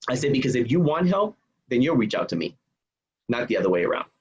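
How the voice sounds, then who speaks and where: A man guest on a podcast, telling a personal story in an animated way and acting out the voices of the people in it. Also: mid-range voice, fast talker, husky, lo-fi sound. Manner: acts out quoted voices.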